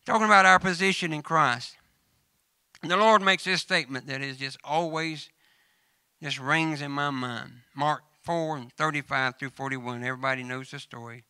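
A man's voice: fairly high pitch, moderate pace, pushed and bright, smooth, dry recording. A man with a Southern American accent preaching a folksy sermon, telling funny stories and addressing church members by name. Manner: humorous storytelling mixed with scripture reading.

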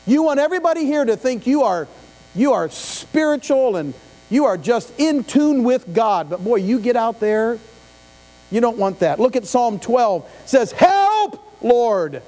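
A man's voice: very high voice, animated, moderate pace, darkish tone. A middle-aged male pastor preaching a conversational sermon, often asking the congregation questions and adding asides. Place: church sanctuary. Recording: live church stream with long reverb and mains hum.

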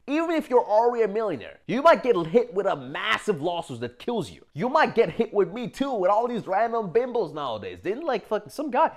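A man giving a brash, profane motivational rant who keeps slipping into mocking voices. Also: sits high. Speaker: motivational speaker.

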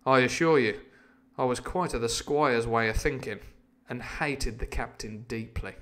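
A man's voice: medium pitch, a little slow, a bit bright. A man reading a novel aloud on a casual stream, breaking off for chatty asides and stumbling restarts.

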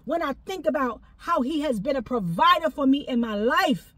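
A woman giving a fervent prophetic exhortation, repeating phrases and breaking into shouts of praise. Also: high-pitched, animated, moderate pace, no room sound. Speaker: prophetic minister.

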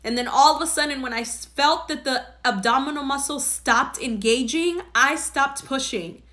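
Bright-voiced woman telling a heartfelt story. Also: high-pitched, moderate pace. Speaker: podcast host. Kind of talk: personal birth story.

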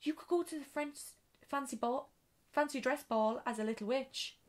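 A woman reading a storybook aloud and voicing a polite, apologetic little girl with a small, soft voice. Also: high voice, moderate pace, close to an everyday voice. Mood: earnest.

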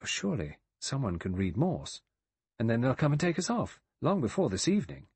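A man voicing a frightened young woman in an audiobook, lifting his pitch and pleading anxiously. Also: huge pitch swings, normal speed, a little mellow, slightly rough, no echo, full character voice. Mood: hopeful. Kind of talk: audiobook character voice.

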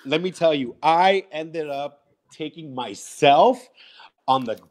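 A man guest from Chicago telling his life story in a live interview, animated and repeating himself as he acts out quoted voices. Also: on the high side, slow.

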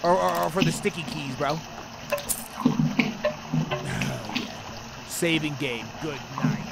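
Loud, animated young man reacting to a horror game. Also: a little high, moderate pace. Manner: profane, yelling outbursts at jump scares, slangy banter. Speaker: gaming YouTuber. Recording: faint background noise.

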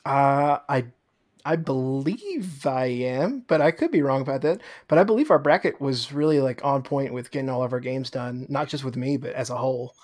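A man guesting on a podcast, chatting casually, quick to laugh and enthusiastic. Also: medium pitch, expressive, a little mellow. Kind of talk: casual chat.

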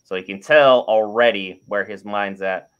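A man co-hosting a casual review chat and giving his views in a measured, analytical way. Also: fairly low pitch, smooth, highs cut off. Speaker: podcast co-host.

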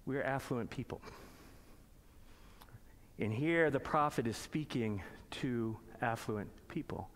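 A man preaching a sermon in a church, reading scripture slowly and then explaining it in plain conversational asides and pointed questions. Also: mid-range voice. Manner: asks the congregation pointed rhetorical questions. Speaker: pastor.

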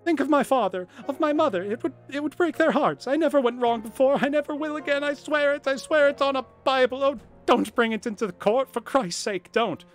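A man voicing a frightened young male thief who pleads and stammers in a high, shrill voice. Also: expressive, brisk. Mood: desperate pleading.

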